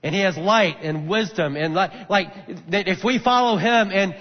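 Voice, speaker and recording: A man's voice: high-pitched, moderate pace. A middle-aged man, a senior pastor, telling a story in a sermon in a conversational way and acting out the voices he quotes. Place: church auditorium. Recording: muffled recording in a large echoing hall.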